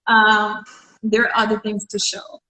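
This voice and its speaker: A young woman from Senegal talks as an interview guest, earnest and full of conviction, pausing on a few fillers. Her voice sits at an ordinary middle pitch. The livestream audio carries a roomy echo. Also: completely flat delivery, pushed and bright, slight background noise. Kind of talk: casual interview talk.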